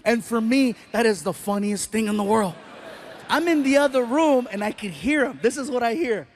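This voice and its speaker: High-voiced man doing stand-up. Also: normal speed, a little hiss or hum. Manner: animated, acts out voices. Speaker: stand-up comedian. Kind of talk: stand-up storytelling. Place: live stage.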